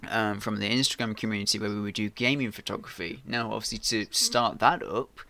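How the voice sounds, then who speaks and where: A man's voice: lowish voice, fairly even intonation, fairly quick, vocal fry, pushed and bright. A man co-hosting a podcast, rambling casually with many fillers. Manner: rambling, laughs often. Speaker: podcast co-host. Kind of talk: casual chat.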